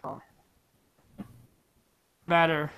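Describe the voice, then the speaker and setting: A man's voice: extremely slow, sharp tone. A man with a lisp co-hosting a casual online chat, hesitant and full of "um", over a mic that sometimes sounds robotic. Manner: hesitant, lots of "um". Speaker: co-host.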